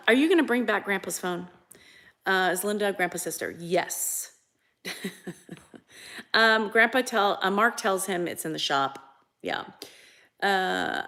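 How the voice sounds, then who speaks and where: A woman's voice: lowish voice, a bit bright. A woman co-hosting a casual livestream, reading out viewer comments, laughing often and swearing freely. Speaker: livestream co-host.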